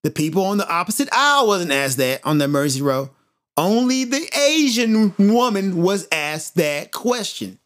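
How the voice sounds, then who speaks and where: A man hosting a podcast, telling a story in an animated, emphatic monologue and repeating points for effect. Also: sits high, moderate pace. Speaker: podcast host.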